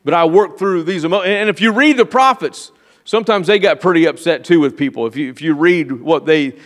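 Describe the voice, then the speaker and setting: A man pastor giving an earnest sermon, often slowing down and dropping to a quiet, confiding tone. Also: on the high side. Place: church sanctuary. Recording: long reverb of a large hall.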